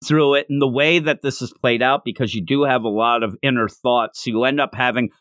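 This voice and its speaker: A man's voice: medium pitch, steady tone, a little fast, fairly bright tone, no echo, studio quality. A man co-hosting a casual podcast chat, talking enthusiastically, laughing often and acting out lines as he goes. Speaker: podcast co-host.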